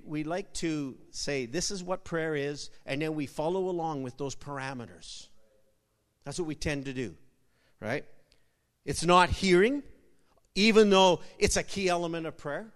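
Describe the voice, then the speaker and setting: A man preaching a sermon with jokes, an animated storyteller who repeats words and breaks into sudden loud bursts. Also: fairly high pitch, unhurried, long pauses. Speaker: pastor. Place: church sanctuary. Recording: long hall reverb.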